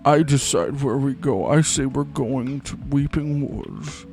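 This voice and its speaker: A man's voice: medium pitch, animated, unhurried, vocal fry, hardly any pauses, darkish tone, faint music behind. Rambling, jokey young male streamer. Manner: rambling, jokey, trails into silly voices. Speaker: gaming streamer. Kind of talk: casual live-stream chat while gaming.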